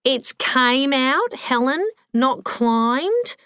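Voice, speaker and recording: Woman voicing loud bossy old woman, teasing, corrects others, dry close sound. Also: medium pitch, measured pace, no echo, close to an everyday voice. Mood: boisterous.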